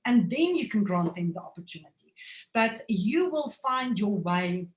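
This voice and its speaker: Woman trainer, mid pitch, animated coaching delivery, roomy echo. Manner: animated, acts out phone calls in quick voices. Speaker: network marketing trainer. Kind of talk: motivational training talk.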